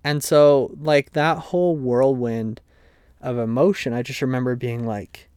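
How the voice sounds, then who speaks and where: A young man chatting casually, with a middle-pitched voice. He talks freely and acts out what he was thinking at the time. The recording is close and dry, with no room sound. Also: steady tone, a little slow, darkish tone, clean tone, no room sound. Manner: conversational, acts out his own past thoughts. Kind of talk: casual chat.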